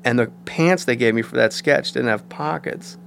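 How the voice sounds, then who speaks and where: A man's voice: mid-range voice, normal speed, creaky, a little hiss or hum. A man, a guest comedian, telling anecdotes in casual chat and slipping into voices. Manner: animated anecdotes with put-on voices.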